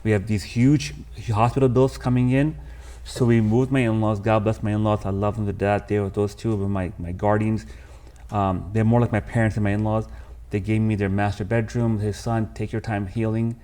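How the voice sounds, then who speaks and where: A man, speaking in a fairly low voice. He tells his story to a podcast host with raw, candid emotion, dropping "bro" and "man" as he goes. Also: little pitch movement, normal speed, dark tone. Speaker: podcast guest. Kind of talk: casual storytelling interview.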